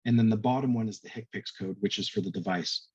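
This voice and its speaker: A man's voice: fairly low pitch, quick pace, slightly rough, no echo, lo-fi sound. A man on a virtual industry panel, explaining billing codes step by step in a conversational way over a video call. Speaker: medtech reimbursement panelist.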